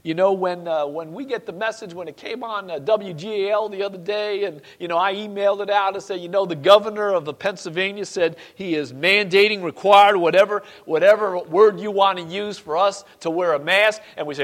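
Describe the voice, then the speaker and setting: Emphatic high-voiced male pastor. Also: fairly quick, few pauses. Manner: emphatic, repeats key phrases, asks the congregation questions. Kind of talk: sermon.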